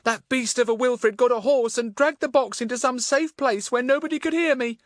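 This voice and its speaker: A man reading an audiobook, voicing a frightened, tearful young girl with a high, trembling, pleading voice. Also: moderate pace, dry recording, studio quality. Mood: distressed. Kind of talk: audiobook character voice.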